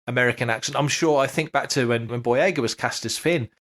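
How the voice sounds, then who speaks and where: A man's voice: medium pitch, quick pace, fairly bright tone. Chatty British man on a podcast. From Britain. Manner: chatty, laughs while telling anecdotes. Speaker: podcast co-host. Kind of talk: casual chat.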